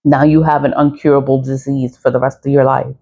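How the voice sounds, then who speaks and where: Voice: mid-range voice, little pitch movement, a little fast, warm tone, highs cut off. A speaker in their forties talking casually about spiritual cleansing, with a mid-range voice that sits between typical male and female registers. They sound blunt and preachy, come back to the same points again and again, and swear without holding back. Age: 40s. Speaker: spiritual practitioner selling cleansing products.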